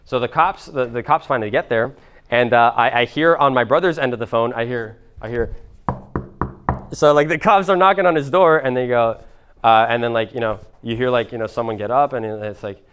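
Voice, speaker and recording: A man's voice: medium pitch, brisk, a bit bright, clear, resonant tone. A man in his twenties telling a story at a seminar, casual and rambling, swearing now and then. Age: 20s. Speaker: motivational speaker.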